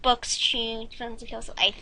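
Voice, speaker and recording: A woman's voice: fairly high pitch, completely flat delivery, moderate pace, crowd noise, poor audio. A young woman chiming in with blunt, dismissive quips in casual banter. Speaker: co-host chiming in.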